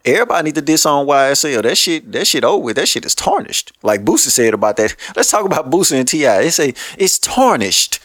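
A man's voice: medium pitch, fairly bright tone, dry recording, clean studio sound. A man hosting a podcast, ranting blunt, profane commentary and laughing often. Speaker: podcast host.

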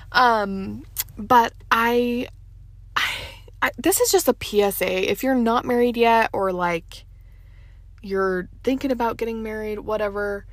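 A young woman chats on her own podcast in a lively, animated way, often working herself into a fired-up rant. Her voice sits in a middle register. The sound is close and dry, with no room around it. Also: mid-range voice, dry recording. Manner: chatty and animated, veering into fired-up rants. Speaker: podcast host. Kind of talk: casual solo podcast chat.

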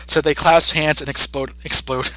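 A man's voice: fairly high pitch, dry recording, poor audio. A man co-hosting a podcast, recapping an episode in casual chat and jumping into put-on voices for the characters. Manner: animated, acts out character lines in quick put-on voices. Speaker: podcast co-host.

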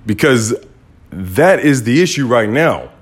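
A man's voice: mid-range voice, unhurried, breathy edge. A man hosting his own podcast, talking in a blunt, casual monologue with some swearing. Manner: blunt, swears, animated when quoting others. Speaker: podcast host. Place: Los Angeles.

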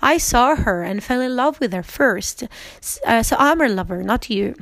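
A woman's voice: on the high side, lively intonation, normal speed, fairly bright tone, no echo. A woman reading the lines of an angry, jealous young male knight in a storybook reading, with a small slip.

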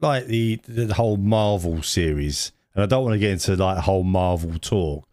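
A man co-hosting a podcast, chatting casually, animated and laughing often as he reacts. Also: low-pitched, normal speed, no echo. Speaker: podcast co-host. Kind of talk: casual chat.

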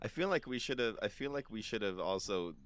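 A man chatting casually and softly between improv scenes. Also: fairly low pitch, expressive, moderate pace, very noisy. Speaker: improv performer. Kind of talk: casual chat.

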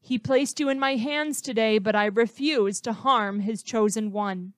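A woman's voice: fairly high pitch, a little slow, no room sound, clean studio sound, lightly acted. A woman reading a humble young warrior. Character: humble young warrior answering his king.

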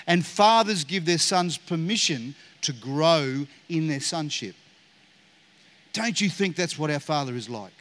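A man's voice: a little high, lively intonation, a little slow, fairly bright tone. A man preaching a sermon as pastor, earnest and acting out short quoted dialogue.

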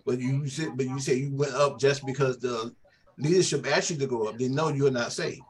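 A man's voice: medium pitch, fairly even intonation, a little fast. A man who is a church elder, explaining scripture step by step in a Bible study discussion.

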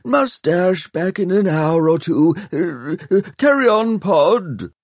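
A bumbling elderly art historian, put on by a male narrator, who climbs up high and trips over his own fillers. He is flustered and fussy, with a clean, dry sound close to the mic. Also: very animated, slow pace, dry recording, heavily acted. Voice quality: high, stammering with many fillers.

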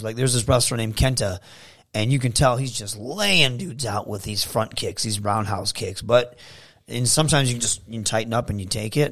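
A man from Michigan chats as a guest on an interview show. His voice sits at a middle pitch and has a gravelly rasp. He tells stories casually and animatedly. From Saginaw, Michigan, USA. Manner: animated, acts out quotes in a raised voice. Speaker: guest, professional wrestler.

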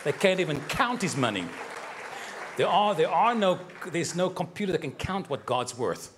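This preacher's high, slightly bright voice has a sing-song quality and a moderate pace as he delivers personal prophecies to individuals during a live sermon. He's affectionate and fervent, laughing and joking, with a faint crowd and a little hiss or hum in the background.

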